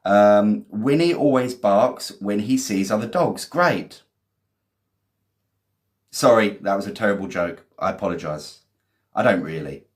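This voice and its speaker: Slow, low-voiced teacher. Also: male voice, lively intonation. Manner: chatty and encouraging, quick praise, cheesy jokes. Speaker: English teacher. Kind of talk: live-stream vocabulary lesson, reading viewers' sentences.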